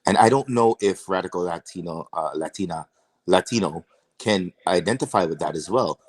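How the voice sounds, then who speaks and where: A man's voice: deep voice, normal speed. A man hosting a casual discussion, reflective and posing rhetorical questions. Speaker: discussion host.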